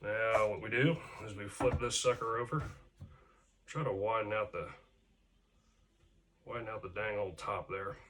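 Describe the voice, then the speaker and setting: A fairly low-voiced man walks through a pottery demonstration in a relaxed, folksy manner, tossing in playful sound words as he works. He is recorded on a camera mic in his studio, with a faint hum of room ambience behind him. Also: measured pace, pauses often. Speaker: potter teaching a class. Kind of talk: casual hands-on demonstration.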